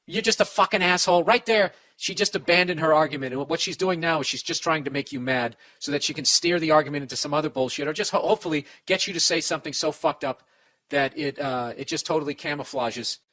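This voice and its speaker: A man's voice: a little high, fast talker, fairly bright tone. A man hosting a comedy podcast, reading a letter and giving advice in a profane, rambling, heated way.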